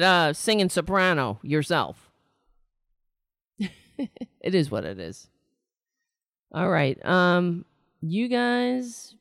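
A middle-aged woman talks straight to her viewers in a slightly raspy voice, rambling and candid, full of restarts and wry asides. She is recorded on a close mic in a dry room with no echo. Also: lowish voice. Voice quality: raspy, nasal-edged voice she calls a rake on a chalkboard. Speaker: political talk show host. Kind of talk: casual live-stream monologue.

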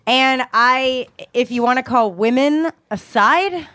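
A woman's voice: high voice, slow pace, fairly bright tone, dry recording, studio quality. Earnest, insistent woman podcast guest. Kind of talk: heated casual chat.

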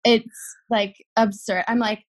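A woman's voice: on the high side, flat delivery, slow. A young adult woman athlete, a podcast guest, talking casually with lots of fillers and a gushing, open manner. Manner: chatty, gushing, many fillers.

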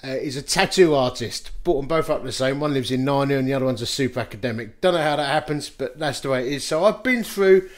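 A pastor in his fifties preaches a quick-fire sermon in a mid-range voice, chuckling as he shares stories that poke fun at himself.

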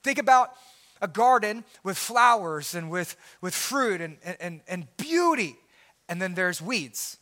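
A male pastor preaches an earnest sermon, moving from quiet, low lines to shouted emphasis and frequently repeating words. His delivery is expressive and slow.

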